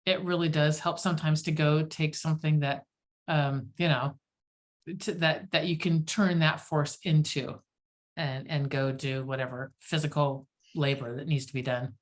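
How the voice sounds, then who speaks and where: A woman hosting a casual group chat, telling stories in an animated, self-deprecating way. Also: sits low, normal speed.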